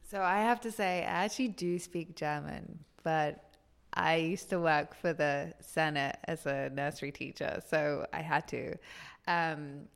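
A woman who once taught nursery school, explaining things in a measured, wry way in a casual group discussion. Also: low-pitched. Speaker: former nursery teacher.

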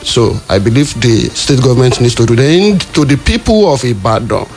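A man urging action in a radio discussion, earnest and halting. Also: medium pitch, lively intonation, darkish tone, faint music behind. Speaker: radio guest.

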